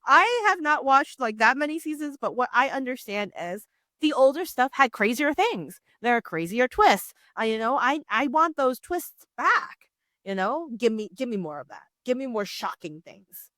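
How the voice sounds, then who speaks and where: A young woman co-hosting a podcast in casual chat, animated and giggly, often jumping into high, excited mock voices. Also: normal speed, dry recording, studio quality. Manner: chatty and giggly. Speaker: podcast co-host.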